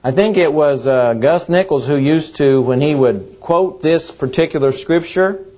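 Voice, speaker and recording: A man's voice: a little high, a little slow, warm tone. A man preaching a sermon, asking rhetorical questions and stretching out key words for emphasis.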